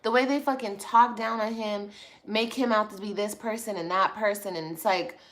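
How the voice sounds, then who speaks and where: A woman's voice: medium pitch, steady tone, moderate pace, fairly bright tone. A woman vlogger ranting on a livestream, blunt, profane and passionate, reading and answering viewer comments. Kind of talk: livestream rant.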